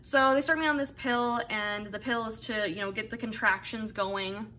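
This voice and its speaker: A woman's voice: fairly high pitch, fairly even intonation, normal speed, sharp tone, a little hiss or hum. A young woman candidly telling a personal story in a casual, rambling way, full of fillers and asides. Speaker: vlogger telling her birth story.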